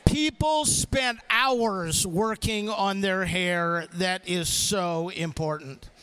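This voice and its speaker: A man speaking as a guest youth speaker to students, animated and coaxing, calling out prompts for the audience to repeat. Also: high voice, slow, clean tone. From from the Chicago area. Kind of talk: energetic chapel talk to students.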